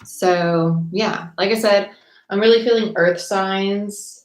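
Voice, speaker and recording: A woman's voice: medium pitch, steady tone, takes it slowly, reverberant, low-quality recording. A young woman chatting casually with viewers during a tarot livestream, bubbly and rambling, her voice a little worn as if she is losing it.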